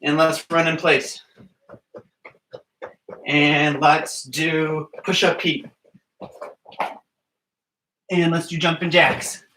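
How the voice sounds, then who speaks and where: Young man, kids' gymnastics coach, slightly high, upbeat and coaxing, roomy echo, set back from the mic. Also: little pitch movement, extremely slow, pauses often, sharp tone, far from the mic, slight background noise. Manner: upbeat, coaxing, checks in with "all right?". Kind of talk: online kids' exercise class. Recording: echoey room, away from the mic.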